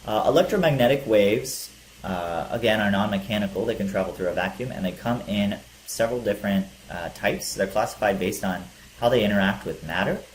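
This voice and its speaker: A man's voice: lowish voice, fairly quick. A male teacher giving a physics lecture, explaining step by step with some fillers. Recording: echoey room with faint hiss.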